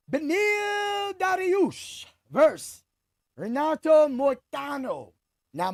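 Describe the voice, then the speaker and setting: A man in his forties with an unusually high, gravelly voice, talking through fight results in a hyped, boastful manner. His speech comes in quick, emphatic bursts, recorded dry and close with no room sound. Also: no echo. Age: 40s. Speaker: podcast host and fight picks analyst. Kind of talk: casual sports commentary.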